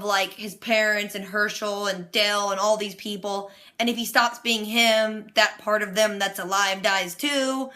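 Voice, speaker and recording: A woman giving a casual, animated recap of a TV episode in slangy, excitable storytelling. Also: mid-range voice. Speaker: TV reaction host.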